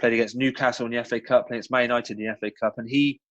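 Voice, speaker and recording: A man with a West Country accent tells stories in a loose, chatty way, full of ums and little restarts. His voice sits at a middling pitch. The recording sounds a bit dull and lo-fi. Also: very fast, dry recording. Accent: West Country English. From West Country of England. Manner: chatty, frequent ums and restarts, animated storytelling. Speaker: guest, former professional footballer. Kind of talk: casual interview answers with anecdotes.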